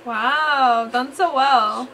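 A woman's voice: sits high, drawn-out words, bright, forceful tone. A woman hosting a fan reaction video, gushing and laughing often as she comments. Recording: audible background noise.

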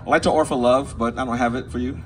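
A man's voice: medium pitch, steady tone, rapid-fire, heavy background noise. A young man from Queens, New York, doing a loose, rambling stand-up set with crowd work and frequent laughs. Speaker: stand-up comedian. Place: small backyard show with a live crowd. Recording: live audience laughing behind.

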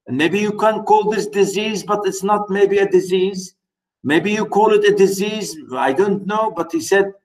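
Man, literature lecturer, slightly high voice, animated, reads quotes aloud, online class. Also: measured pace, rough recording. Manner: animated, reads quotations aloud and asks students questions.

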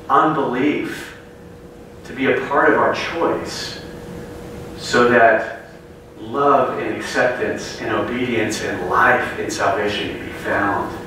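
A man giving a sermon to a room of students, telling a joke story with lively character voices before turning to a Bible passage. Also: medium pitch. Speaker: guest speaker. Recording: very echoey room from a distance, faint noise.

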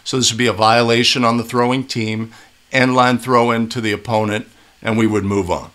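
A man's voice: mid-range voice, fairly even intonation, a little fast, fairly bright tone. A middle-aged man breaking down game clips for referees, talking casually and often checking in with "right?". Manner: conversational, asks "right?" often. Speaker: basketball officiating instructor. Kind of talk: video breakdown commentary.

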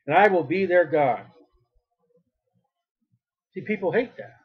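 A man's voice: high-pitched, animated, slow, slightly rough, dull audio. A male preacher giving a fervent sermon, repeating his phrases and rising to cries when he quotes.

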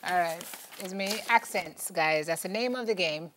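A woman's voice: lowish voice, normal speed, background noise. A Jamaican woman hosting a morning TV show, upbeat and teasing as she explains a game's rules. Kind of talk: playful accent game on TV. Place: TV studio.

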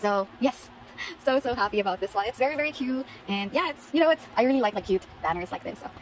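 Bubbly fast-talking woman. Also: fairly high pitch, expressive, slight background noise, poor audio. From Philippines. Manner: bubbly, gushing, repeats "very, very". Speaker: vlogger. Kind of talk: casual haul vlog.

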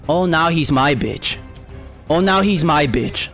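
A young man narrates his video game match live, full of profane trash talk and sudden bursts of yelling. His voice sits a little high and swings widely up and down. Faint music plays underneath. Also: expressive, a little slow. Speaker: gaming YouTuber. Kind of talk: live gameplay commentary.

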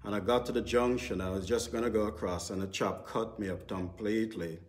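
A man's voice: on the low side, steady tone, fairly quick, a little hiss or hum. A man giving an informal sermon in a church service, rambling and full of "sort of" and "you know". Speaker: church speaker.

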